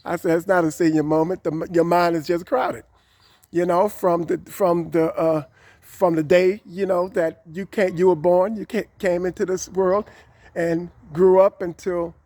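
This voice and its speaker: A man's voice: high-pitched, flat delivery, unhurried, a little mellow, no echo. A man talking to camera in a rambling, encouraging way, with many fillers, recorded outdoors. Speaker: vlogger. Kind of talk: casual talk to camera.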